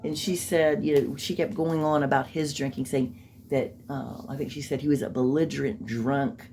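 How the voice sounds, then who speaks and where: Woman, low and mellow voice, skeptical casual true-crime commentator. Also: steady tone, normal speed, slight background noise. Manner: skeptical, rambling, mocking asides.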